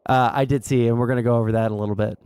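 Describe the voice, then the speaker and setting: A man's voice: mid-range voice, steady tone, rapid-fire, a little mellow, clean tone, dry recording. A man streaming casual political commentary, rambling with fillers and wry asides.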